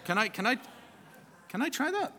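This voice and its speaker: High-voiced pastor, church echo. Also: male voice, big pitch swings, moderate pace. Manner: warm, teasing, quizzes children. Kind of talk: children's talk in a church service. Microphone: handheld microphone passed around. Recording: long church reverb.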